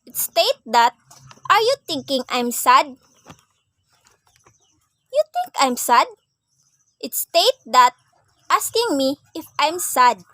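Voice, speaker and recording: A young woman student reading a class assignment aloud, reciting definitions and examples in a careful, measured way. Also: high voice, sing-song, bright, forceful tone, no echo, low-quality recording.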